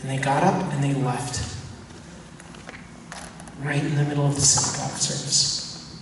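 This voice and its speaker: A priest giving a teaching talk, animated and acting out the voices of the people in his story. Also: mid-range voice, a little slow, pauses often, background noise. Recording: echoey church hall from far off.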